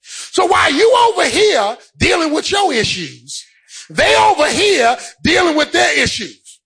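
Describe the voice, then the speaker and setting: A man preaching a sermon, swinging between shouted, sing-song peaks and quieter stretches. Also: very high voice, wildly swooping pitch, a little slow, low-quality recording.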